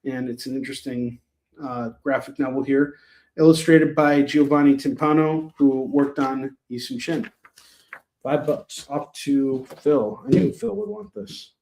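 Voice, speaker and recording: Pitching products on a live shopping stream, a man talks casually to viewers by name and cracks jokes at his own expense. His delivery is a little slow and a little mellow.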